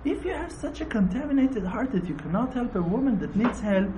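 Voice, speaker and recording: A man's voice: extremely high pitch, sing-song, fairly quick, noisy background. A man giving a Torah sermon as a rabbi, emphatic and repetitive, with laughing asides. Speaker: rabbi teaching.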